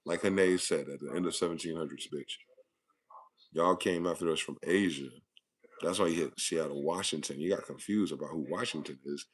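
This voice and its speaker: A channel host with a bass voice delivers a profane, aggressive ranting monologue at a moderate pace. He hectors his listeners with rhetorical questions.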